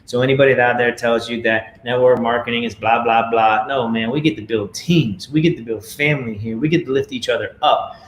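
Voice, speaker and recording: A man's voice: medium pitch, steady tone, brisk, hardly any pauses, echoey room, slight background noise, low-quality recording. A man casually talking to viewers at home, rambling with many fillers and a preachy tone. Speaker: network marketing leader. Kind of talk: casual video talk to viewers.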